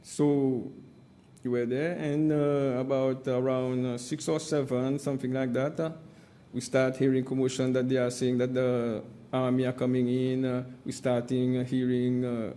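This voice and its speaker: In a dark, warm, mid-range voice with a level tone, a Seychellois man testifies in English at a public hearing, though his first language is Seychellois Creole. His delivery is halting and full of "uh"s, and he repeatedly presses his point with an insistent "my friend."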